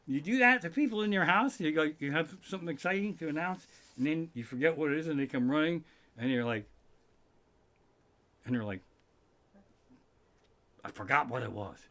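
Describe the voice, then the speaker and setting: Profane ranting comedian with a bright voice. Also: male voice, fairly high pitch, fairly quick. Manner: profane, ranting, animated outbursts. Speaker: comedian host. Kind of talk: live-streamed comedic rant. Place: living room.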